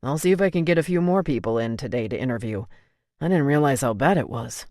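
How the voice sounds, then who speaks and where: A narrator plays a meticulous, self-controlled restaurant owner in a romance audiobook, talking short and clipped, a touch lower than the narration. The recording is dry and close, with no room sound. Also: lively intonation, fast talker, darkish tone, no echo, close to an everyday voice. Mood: serious. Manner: clipped, terse.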